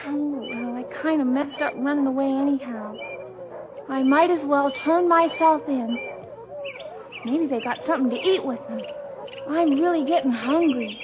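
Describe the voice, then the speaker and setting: A woman's voice: high-pitched, normal speed, natural voice. A woman voicing a hungry, frightened young runaway boy who talks anxiously to himself, in 1950s radio drama style. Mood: worried. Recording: lo-fi old radio recording with loud noise, dogs behind.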